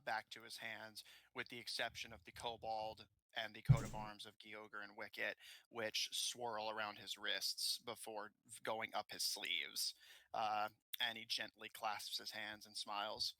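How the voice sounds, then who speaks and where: Gravelly, bright-voiced game master. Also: male voice, fairly low pitch, no echo, poor audio. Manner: relaxed narration with many "uh" fillers. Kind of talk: narrating a tabletop game.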